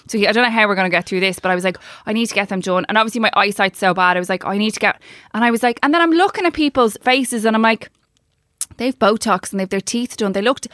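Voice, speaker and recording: A chatty Irish woman in her late thirties with a bright, slightly high voice. She swears freely and tells stories in loose, rambling chat. The sound is close and dry, with no room around her. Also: no room sound. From Ireland. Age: 30s. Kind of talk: casual chat.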